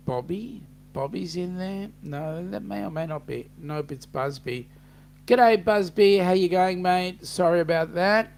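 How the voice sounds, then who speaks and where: An Australian man hosts a relaxed live-stream chat and reads out viewer comments as they come in. He talks slowly in a somewhat high voice, with plenty of fillers and asides. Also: creaky, a little hiss or hum. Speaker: host.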